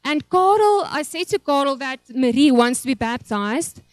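High-voiced pastor's wife. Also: female voice, lively intonation, moderate pace, no echo. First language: Afrikaans. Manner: emotional, rambling storytelling. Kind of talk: church testimony.

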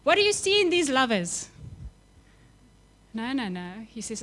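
Young woman preaching, fired up then going soft, voice sits a bit high. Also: animated, unhurried. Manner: impassioned, rising to emphatic peaks then dropping soft. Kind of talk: sermon.

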